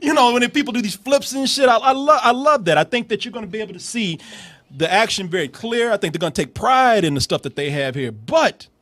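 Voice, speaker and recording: High-voiced man, profane and animated. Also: fast talker. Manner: profane, laughing, animated, repeats words. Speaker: film reviewer host. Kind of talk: casual trailer reaction chat.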